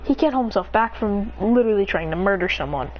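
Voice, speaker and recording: Woman, improvised story narration, rambling and breathless, lively pitch, dull lo-fi recording, faint hiss. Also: fast. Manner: rambling, breathless, voices characters in higher pitch.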